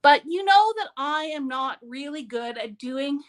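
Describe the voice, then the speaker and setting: A woman's voice: high voice, expressive, unhurried. A woman hosting a live papercraft demonstration, talking in a chatty, upbeat way and often breaking off mid-sentence. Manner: chatty, upbeat, self-interrupting.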